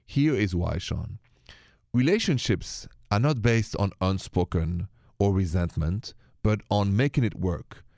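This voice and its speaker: A man's voice: lowish voice, no room sound. Guy doing a radio advice show, bouncy and playful, dry studio sound. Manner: animated, playful, mixes in French greetings. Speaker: radio relationship advice host.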